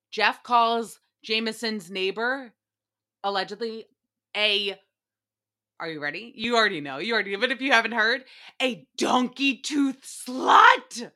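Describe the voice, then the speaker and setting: Young woman podcaster, bright tense voice, kinda high, super excitable and swears a lot. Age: young adult. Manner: animated, profane, giggly and excitable. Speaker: podcast host. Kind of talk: casual recap podcast.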